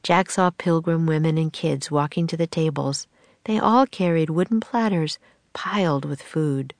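A woman reads a children's chapter book aloud with calm, even storytelling. Her voice is low with a gravelly texture. The sound is close and dry. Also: a little slow, no room sound. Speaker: audiobook reader. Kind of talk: children's audiobook narration.

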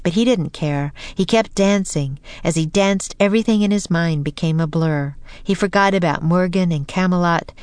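A woman narrating a children's storybook in a gentle, even way. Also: on the low side, no echo. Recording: dry close recording, faint music.

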